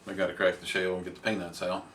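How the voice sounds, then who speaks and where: Low, flat-voiced older man. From Middle Tennessee. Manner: plainspoken, unhurried explaining. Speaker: homesteader. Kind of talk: casual chat. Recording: distant mic with faint background noise.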